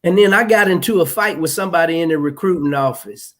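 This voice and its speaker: A man talking as a guest in a casual chat, telling a story slowly with many ums and restarts. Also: on the high side, fairly bright tone. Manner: slow, halting, clears throat, many fillers.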